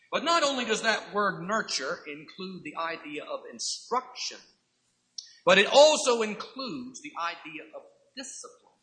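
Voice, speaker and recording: A man preaching a sermon, emphatic and repeating key phrases, now and then acting out quoted voices with loud outbursts. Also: high voice, sing-song, unhurried, rough recording.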